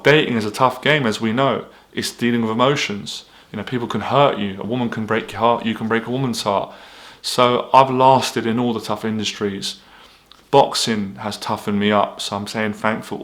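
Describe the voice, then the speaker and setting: A man's voice: on the low side, a bit bright. A man, an anxiety coach talking straight to camera in a blunt, candid way, swearing freely. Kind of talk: motivational vlog monologue.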